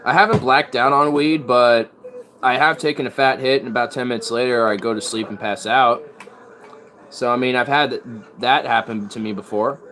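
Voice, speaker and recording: A man streaming in easy, rambling casual chat, full of slang and quick laughs. His voice sits in a middle pitch. Faint background noise hangs behind him. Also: fairly even intonation, fairly bright tone. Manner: rambling, laid-back, laughs often, slangy.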